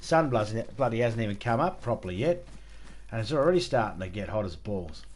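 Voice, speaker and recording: A man's voice: on the low side, very animated, brisk. An Australian man chatting casually with viewers on a live game stream, rambling, self-mocking and swearing freely.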